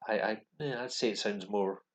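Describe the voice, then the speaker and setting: Deep-voiced Scottish man, hesitant. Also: normal speed, poor audio. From Scotland. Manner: hesitant, many ums and restarts. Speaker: language learner vlogger. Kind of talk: casual explanatory walkthrough. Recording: voice with computer speakers playing.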